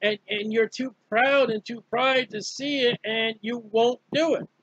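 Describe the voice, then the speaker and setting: A man's voice: very high voice, steady tone, unhurried, fairly bright tone, no room sound. A man preaching a fervent, emphatic Bible study sermon, repeating key phrases. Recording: dull lo-fi dry recording.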